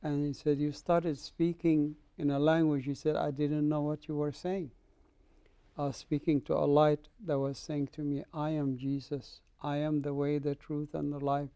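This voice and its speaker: Middle-aged man from the Middle East, lively interview testimony, slightly high and mellow, dry studio. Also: normal speed, clean tone, no room sound, lo-fi sound. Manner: animated storyteller, acts out dialogue. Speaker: interview guest.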